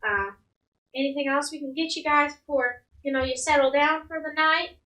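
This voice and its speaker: A woman's voice: high-pitched, moderate pace, sharp tone, poor audio. Woman doing a homely village mother. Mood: hospitable. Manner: homely, hospitable, rambling. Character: big chunky village mother, warm and hospitable.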